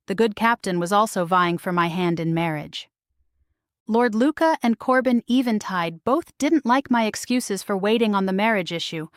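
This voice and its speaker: A woman narrating a first-person romance novel in a steady, expressive reading voice. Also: mid-range voice, dry recording, studio quality. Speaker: audiobook narrator.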